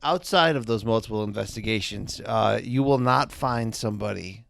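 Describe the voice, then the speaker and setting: A man's voice: lowish voice, moderate pace, gravelly, fairly bright tone, slight background noise. A man in his forties co-hosting a podcast in casual chat, joking and ribbing his partner from a hotel room. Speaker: podcast co-host.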